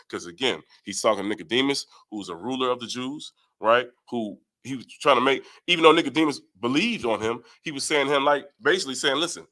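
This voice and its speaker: A man's voice: mid-range voice, bright, forceful tone. A man leading a Bible study, reading verses aloud and explaining them, often asking "right?". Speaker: Bible teacher. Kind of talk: scripture study talk.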